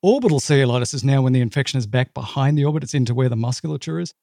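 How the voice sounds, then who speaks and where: A man's voice: medium pitch, expressive, rapid-fire, vocal fry, dark tone, no echo. Dry-voiced male doctor teaching. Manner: plain-spoken, teaching with vivid clinical asides. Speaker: physician podcast co-host. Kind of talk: medical education chat.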